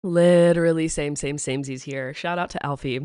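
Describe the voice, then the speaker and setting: A woman's voice: deep voice, brisk, smooth, no echo, clean studio sound. A young woman hosting a comedy podcast, chatting and telling stories with frequent laughter. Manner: giggly, animated storytelling. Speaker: podcast host. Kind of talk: casual podcast chat. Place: podcast studio. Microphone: studio mic.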